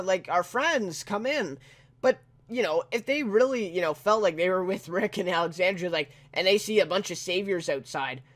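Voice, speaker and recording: A man's voice: sits high, fairly bright tone. A man casually reviewing a TV episode, rambling with lots of fillers and tag questions, and chuckling now and then. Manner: chuckles often while talking.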